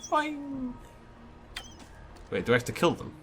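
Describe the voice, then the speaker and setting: A man's voice: mid-range voice, lively intonation, fast, a bit bright, soft background music. A man giving playful, self-mocking let's play commentary. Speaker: gaming YouTuber.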